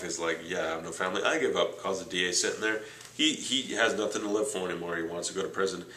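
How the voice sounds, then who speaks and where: A man reviewing a TV series in casual chat, retelling the plot excitedly and saying "like" a lot. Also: sits low, reverberant, low-quality recording. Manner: chatty, excitable recapping with lots of "like". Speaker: TV show reviewer.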